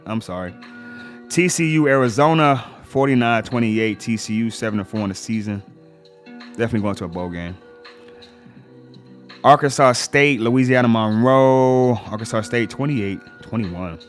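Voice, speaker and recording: A relaxed man hosting a casual livestream, working through one score after another and tossing in quick slangy reactions. His voice sits fairly low, and soft music plays faintly underneath. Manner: laid-back, reacts to scores with slang asides. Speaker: sports livestream host.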